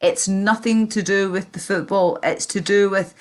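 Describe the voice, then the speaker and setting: A Northern Irish woman talks loosely on a livestream in a mid-pitched voice. She rambles, swears freely and leans on "like" and "you know", often restarting her sentences. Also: fairly even intonation, normal speed, few pauses. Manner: rambling, swearing, full of fillers. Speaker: stream host. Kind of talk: casual livestream chat.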